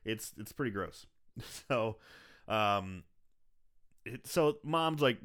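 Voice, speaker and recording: A man chats through a film recap in a casual podcast. His voice is bright and swings widely in pitch. He jumps into quoted lines with sudden energy. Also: slow pace. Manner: animated, swears often, acts out quoted lines in bursts. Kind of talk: casual chat.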